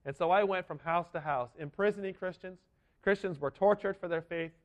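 A man's voice: high-pitched, a little fast, highs cut off. A man giving an earnest, emphatic sermon as a first-person dramatic monologue. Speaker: preacher.

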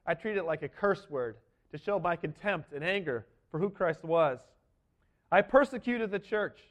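A man's voice: sits high, expressive, normal speed. A man giving an earnest, emphatic sermon as a first-person dramatic monologue. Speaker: preacher.

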